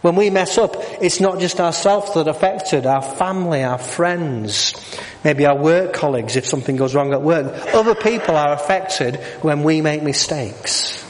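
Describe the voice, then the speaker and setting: A man's voice: a little high, moderate pace, a little hiss or hum. A middle-aged man preaching a sermon, asking the congregation questions and slipping in jokes. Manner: jokey, asks the congregation questions. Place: church. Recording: long hall reverb.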